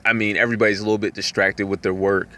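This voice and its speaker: A man talking in a rambling, casual monologue, full of "you know" fillers, sometimes jumping up in pitch to act out voices. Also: little pitch movement, very fast, bright, forceful tone, a little hiss or hum. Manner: acts out voices with jumps in pitch.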